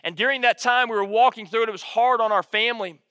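A man preaching with a high, ringing voice. He speaks earnestly and repeats his key lines for weight. The mic is close and dry, but a long hall reverb trails behind each phrase. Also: fast talker, sharp tone. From Alabama, United States. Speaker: pastor. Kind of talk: sermon.

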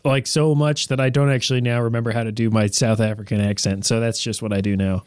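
A man's voice: medium pitch, flat delivery, fast, no room sound, clean studio sound. A man in casual chat, rambling and joking with many fillers and restarts.

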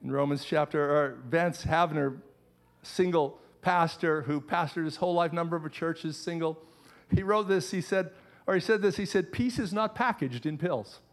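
Middle-aged pastor guy preaching, earnest, says things twice, voice a bit high. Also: steady tone, normal speed. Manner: earnest preaching with repeated phrases. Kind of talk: sermon.

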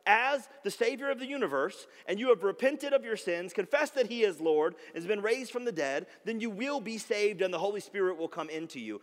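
High-voiced pastor preaching in a reverberant hall. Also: male voice, fairly bright tone. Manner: conversational preaching with rhetorical questions to the congregation. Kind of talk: sermon. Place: church sanctuary.

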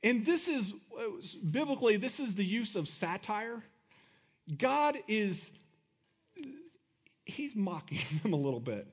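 A man preaches to his church with a high voice for a man. His delivery is loose and conversational, full of "like" and short laughs between points. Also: big pitch swings, measured pace, pauses often. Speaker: pastor. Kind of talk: sermon.

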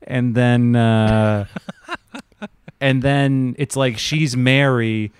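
A man's voice: mid-range voice, steady tone, slow, slight background noise. A man co-hosting a casual comedic chat, rambling crudely and acting out quoted voices. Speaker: podcast co-host.

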